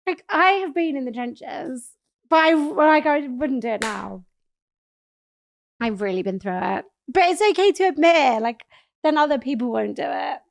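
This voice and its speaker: A young woman from England, guest on a talk show, telling stories in animated casual chat and swearing freely. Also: sits high, normal speed, gravelly.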